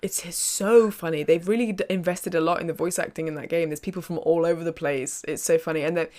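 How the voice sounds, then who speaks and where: A woman with a London English accent talks in a casual, animated and joking way, with a slightly low voice. She is a voice actor chatting as a guest on a live stream. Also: fast. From England.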